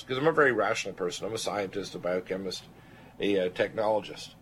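Older guy on a talk radio show, kinda low voice, earnest storytelling, faint hiss behind. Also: quick pace. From Canada. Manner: earnest, animated testimony, quoting others.

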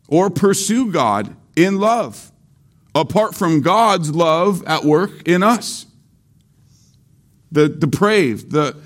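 A man preaching a sermon slowly and deliberately, repeating key phrases for emphasis. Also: on the high side. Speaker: pastor.

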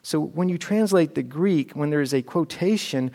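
A man teaching a Bible class, talking it through conversationally and thinking aloud. His voice is gravelly and slightly high. It rings out with a long echo in a church hall or classroom. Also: normal speed, mellow. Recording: echoey hall.

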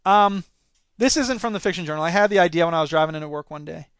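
A high-voiced man talks about his stories in a laid-back, joking way, sprinkled with uhs. The recording is dry and close, with no room sound. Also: fast, clean tone, no echo. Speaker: teacher and author. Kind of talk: casual chat and reading his stories aloud.

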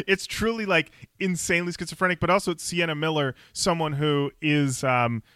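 A man co-hosting a podcast, retelling movie scenes in an animated way and laughing often. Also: a little high, fairly quick, hardly any pauses, clean tone, no room sound, studio quality. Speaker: podcast co-host. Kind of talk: casual chat.

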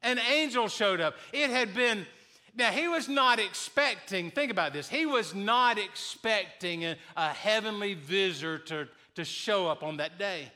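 A man in his sixties preaching a sermon, earnest and deliberate, sometimes restarting his sentences. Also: high voice, lively intonation, pushed and bright. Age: 60s. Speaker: pastor.

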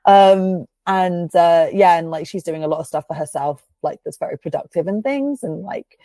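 A woman's voice: lowish voice, moderate pace, dark tone, no room sound. A woman hosting a podcast, chatting casually and telling a story with lots of fillers and swearing. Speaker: podcast host. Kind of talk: casual chat.

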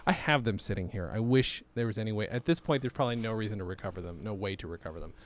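A man's voice: on the low side, racing, a little hiss or hum. A man in his thirties in casual chat with a friend, reading old writing aloud and wandering into absurd, silly bits. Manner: absurd rambling, silly put-on voices. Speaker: podcast co-host.

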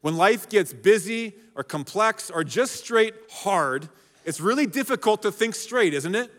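Male pastor, casual conversational sermon, bright and forceful tone, echoey church hall. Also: high-pitched, lively intonation, measured pace. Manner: conversational, keeps checking in with the congregation.

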